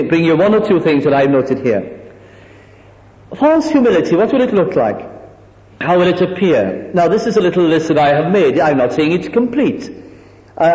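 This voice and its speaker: A high-pitched, very lively male preacher delivering a sermon, his voice swooping up and down as he drives points home. The recording is dull and lo-fi, with a long reverb hanging in a large hall. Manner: animated, drops to mimicking soft humble voices. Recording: echoey hall, dull lo-fi sound.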